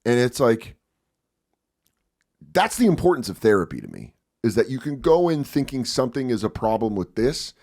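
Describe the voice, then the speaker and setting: A man in his thirties, a comedian guest on a podcast, talking casually in a profane, animated way and acting out the people he quotes. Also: medium pitch, moderate pace. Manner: profane, animated storyteller who acts out quotes.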